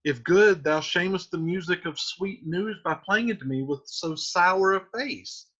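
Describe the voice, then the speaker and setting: A man's voice: sits high, a little slow, fairly bright tone, pitched above the performer's own voice. A man voicing an impatient young girl in love, pleading and insistent as he reads the lines aloud in a lesson. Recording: muffled lo-fi recording.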